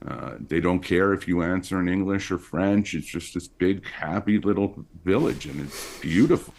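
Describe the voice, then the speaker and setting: A male comedian from Montreal chatting as a podcast guest, telling stories in a loose, lively way with lots of fillers. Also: normal speed, slight background noise. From Montreal, Canada. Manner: chatty storyteller with lively pitch swings. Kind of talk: casual interview chat.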